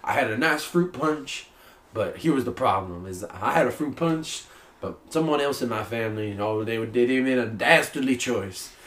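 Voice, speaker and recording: A man's voice: mid-range voice, normal speed, a bit bright. A young man telling a story with playful exaggeration in casual chat as a podcast co-host. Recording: echoey room.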